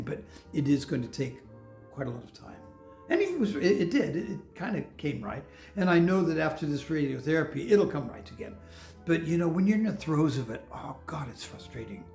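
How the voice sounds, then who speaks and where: Gravelly-voiced older man preaching casually. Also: a little high, darkish tone. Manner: candid, chatty, laughs often, many restarts. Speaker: pastor. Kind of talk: conversational sermon. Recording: echoey room with faint music.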